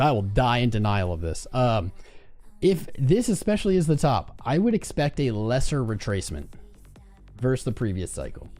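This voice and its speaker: A man's voice: mid-range voice, dark tone. A man hosting a live crypto trading stream, chatting casually, thinking aloud and reading out viewers' price guesses from chat. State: chapped cuticles from cold weather. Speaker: livestream trading host.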